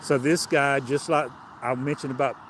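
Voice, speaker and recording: A man with a Southern US accent delivers a livestreamed sermon. His talk is folksy and plainspoken, full of casual grammar, with phrases he circles back to and repeats. His voice sits at an everyday middle pitch. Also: steady tone, moderate pace, noisy background. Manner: folksy, colloquial, repeats and restarts. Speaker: preacher.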